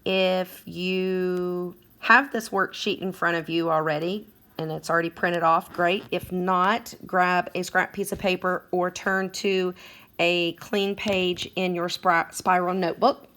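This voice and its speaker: A woman's voice: lowish voice, steady tone, unhurried, a bit bright. A woman teaching a second grade phonics lesson, patient and encouraging as she sounds out words for children.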